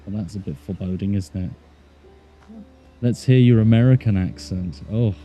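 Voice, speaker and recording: A man's voice: on the low side, normal speed, dark tone, faint music behind. An English man streaming a game, chatting casually and joking to himself as he plays. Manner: chatty, joking, talks to himself while playing. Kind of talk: casual gameplay chat.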